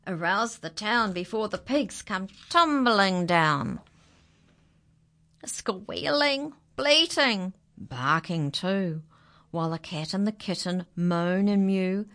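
A woman reading a rhyming children's picture book aloud, dramatic, dropping to hushed whispers and rising to high exclamations. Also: expressive, slow. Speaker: children's story reader.

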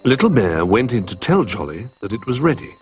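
Expressive man reading a children's story. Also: medium pitch, a little fast, faint music behind.

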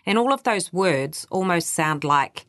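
Low-voiced New Zealand woman explaining. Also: expressive, unhurried, fairly bright tone, no echo, studio quality. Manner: explanatory, quotes others in livelier voices. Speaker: workplace culture adviser. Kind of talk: interview answers.

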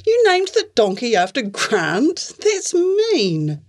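A woman voicing a prim young farm girl who is frightened and alarmed, speaking in a shrill voice. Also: very animated, unhurried. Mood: startled.

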